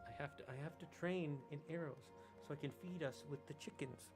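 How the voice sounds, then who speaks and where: A man's voice: on the high side, fairly quick, over music. A man streaming a game, chatting in a casual, rambling way and talking affectionately to his cat. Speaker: gaming streamer. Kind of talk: casual chat.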